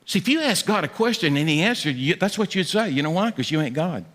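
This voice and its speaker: Man, pastor, conversational sermon, acts out quotes, high forceful voice, long hall reverb. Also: sing-song, fast talker. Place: church stage.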